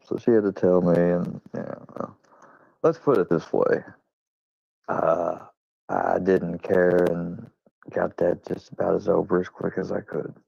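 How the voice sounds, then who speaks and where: A man's voice: sits low, little pitch movement, a little slow, gravelly, husky, no echo. A young man rambling through a crude, self-mocking personal story in casual vlog style. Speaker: vlogger. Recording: dull lo-fi dry recording.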